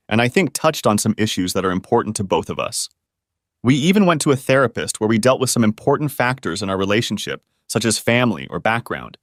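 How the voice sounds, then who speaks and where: A man's voice: medium pitch, no echo, clean studio sound. A man narrating a first-person relationship story, speaking in an earnest, confrontational storytelling manner.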